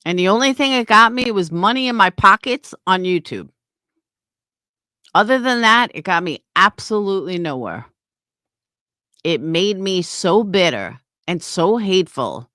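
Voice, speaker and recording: A woman's voice: medium pitch, sharp tone, no room sound, clean studio sound. Blunt, heated, swearing middle-aged woman. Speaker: YouTuber and small business owner. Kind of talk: ranting to camera.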